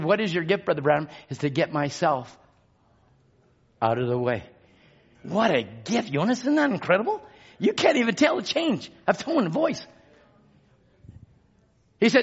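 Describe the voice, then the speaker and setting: A man preaching a sermon, repeating phrases and swinging from hushed tones to shouts. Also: sits high, lively intonation, moderate pace, muffled recording.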